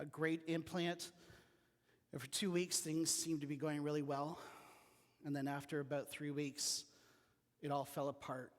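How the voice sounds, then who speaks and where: A man preaching a sermon as pastor, telling personal stories in an earnest way that drops to a quiet voice. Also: a little high, in a large hall. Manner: earnest storytelling with quiet dips. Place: church sanctuary.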